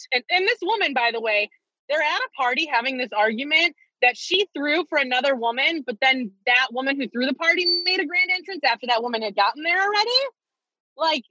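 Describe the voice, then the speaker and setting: A young woman co-hosting a podcast, telling stories in an animated, gushing way. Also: high voice, no room sound, lo-fi sound. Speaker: podcast co-host. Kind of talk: casual chat.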